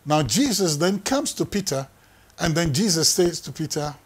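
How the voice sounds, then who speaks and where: A man delivers a sermon with a husky, slightly raised voice. He preaches emphatically, circling back on his phrases and stacking them for weight. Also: fairly high pitch, lively intonation, normal speed. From Ghana. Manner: emphatic, repeats phrases for effect. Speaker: pastor.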